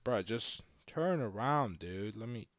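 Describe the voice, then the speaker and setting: A man's voice: fairly low pitch, animated, takes it slowly, no room sound, highs cut off. A man chatting casually on a live stream while trading stocks, brash and boastful and swearing freely. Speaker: livestream host trading stocks.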